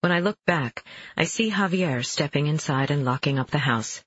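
Husky male audiobook narrator. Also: a little high, moderate pace, fairly bright tone, dry recording. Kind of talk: first-person novel narration. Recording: dull lo-fi dry recording.

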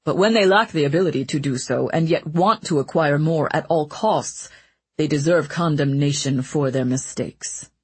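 A woman with a low, slightly rough voice narrates an audiobook in a measured, expressive storytelling style.

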